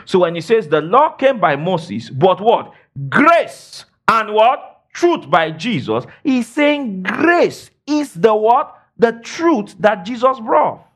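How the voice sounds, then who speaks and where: A man preaching a sermon and teaching the Bible, asking the congregation questions and filling his talk with "praise God" and "all right". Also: a bit bright. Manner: emphatic, swoops between high and low.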